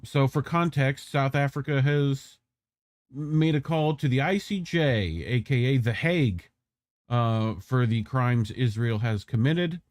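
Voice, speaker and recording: A man co-hosting an independent news livestream in a loose, chatty manner, full of fillers and asides. The sound is dry and close. His voice sits at an average pitch. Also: a little mellow, dry recording. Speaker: news show co-host. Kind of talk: casual commentary on a livestream.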